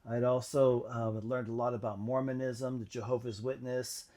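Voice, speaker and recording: A man's voice: mid-range voice, level tone, mellow. Reflective man sharing a personal testimony. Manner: reflective, halting, many fillers. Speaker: channel host.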